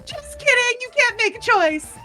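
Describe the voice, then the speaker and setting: A woman's voice: very high-pitched, animated, moderate pace, sharp tone, faint music behind, pitched above the performer's own voice, heavily acted. A woman voicing a gleeful, mocking villain who hosts a deadly trial, reading game lines aloud in a theatrical announcer style. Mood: gleeful taunting. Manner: teasing, theatrical announcer delivery.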